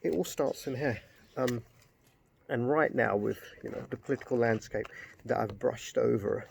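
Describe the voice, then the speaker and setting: A man's voice: medium pitch, normal speed, gravelly, slight background noise. A middle-aged man giving a casual spoken book review, rambling, getting worked up and swearing.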